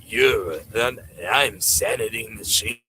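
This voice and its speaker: A man putting on a slow, gloating voice of a self-important adult man who brags and insults. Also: lowish voice, pushed and bright, slight background noise, full character voice. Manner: slow, gloating, half-whispered boasts.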